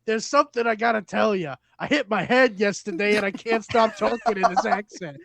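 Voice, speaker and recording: A male movie star begging for help in a strained, high, overdone voice, as a young man mimics him. His pleading rises as he goes. It is a goofy podcast bit. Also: fairly quick, vocal fry, a crowd in the background.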